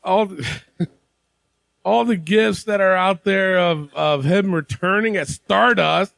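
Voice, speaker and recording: A man hosting a wrestling podcast, talking loudly and excitably and swearing freely in casual chat. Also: sits high, slow, gravelly, no room sound. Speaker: podcast host.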